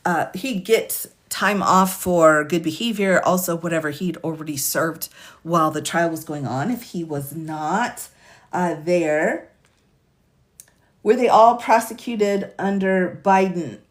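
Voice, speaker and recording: A woman attorney hosting a casual livestream, reading out charges and sentences quickly, chatting with viewers by name and laughing often. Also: fairly low pitch. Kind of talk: casual livestream commentary reading case lists.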